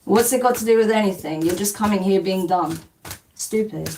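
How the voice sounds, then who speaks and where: A woman's voice: medium pitch, normal speed, mellow. A woman hosting a spiritual live stream, chatting casually as she reads out comments, blunt and dismissive, swearing and laughing often. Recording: distant mic with faint background noise.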